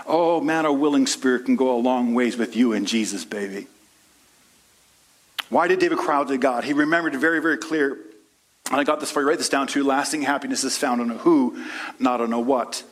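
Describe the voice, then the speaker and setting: A man preaching a sermon as pastor, rising into impassioned prayerful peaks and dropping to soft asides, calling the congregation honey and friends. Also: moderate pace. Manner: impassioned preaching, swings from low and soft to high and loud.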